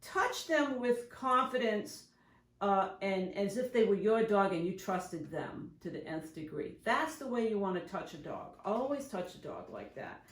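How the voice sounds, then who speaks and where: A woman's voice: mid-range voice, big pitch swings, unhurried. A woman who is a professional dog groomer and shop owner, giving chatty, rambling how-to advice in a grooming salon. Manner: chatty and rambling, often acting out examples. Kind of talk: casual instructional talk to camera. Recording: echoey room.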